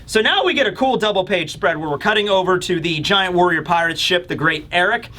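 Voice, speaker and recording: Bright-voiced, chatty male manga reviewer. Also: sits high, fairly quick. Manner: chatty, laughing, swears casually. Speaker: host. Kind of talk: casual manga chapter review.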